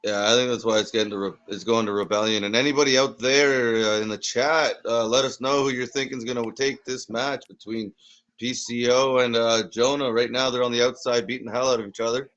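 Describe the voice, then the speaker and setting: A man's voice: medium pitch, steady tone, brisk, a bit bright, lo-fi sound. A man hosting a casual live reaction chat, easygoing and asking the others questions. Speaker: watch party host.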